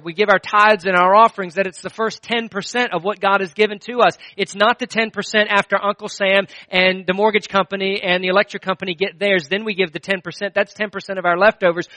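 A middle-aged man preaching a sermon in a high, bright voice. He tells stories conversationally, restarting phrases and dropping from loud to hushed. The sound is close and dry, with no room echo. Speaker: pastor.

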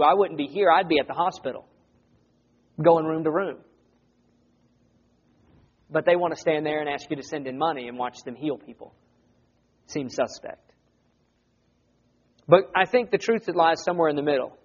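An earnest male preacher with a fairly high voice, talking to the congregation in a plain, conversational way and building to loud emphasis. The recording sounds dull and lo-fi. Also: a little fast, pauses often, breathy edge. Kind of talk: sermon.

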